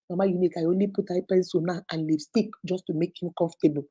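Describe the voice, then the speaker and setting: Middle-aged woman, Nigerian accent, relationship advice host, casual storytelling, animated, dark warm tone. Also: on the low side, fast talker, husky. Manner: animated, acts out quoted speech.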